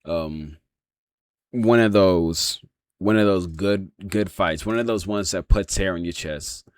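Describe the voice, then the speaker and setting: Low-voiced, swearing MMA breakdown guy. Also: slow, dry recording. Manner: rambling, heavy swearing, many fillers. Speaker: MMA reaction channel host. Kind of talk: casual fight breakdown.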